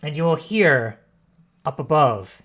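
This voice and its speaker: A man narrating a tabletop game as game master, expressive and pausing often to correct himself. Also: on the high side. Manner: expressive narration with frequent self-corrections and fillers.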